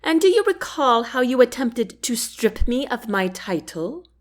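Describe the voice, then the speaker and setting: A woman's voice: fairly high pitch, big pitch swings, a little slow. A woman voicing a proud young queen in a storybook reading, speaking in a firm, indignant way. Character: proud young queen, defiant and quick to anger.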